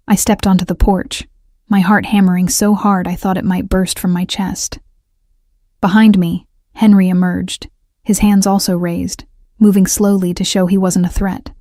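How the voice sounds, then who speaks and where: A woman narrating a dark romance story in the first person, in an even, measured reading. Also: fairly low pitch, no room sound, clean studio sound.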